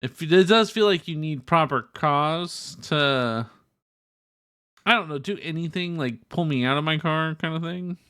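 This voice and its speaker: A man's voice: on the high side, unhurried, bright, forceful tone, clear, resonant tone. A man co-hosting a podcast in casual chat, easygoing and swearing casually. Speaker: podcast co-host.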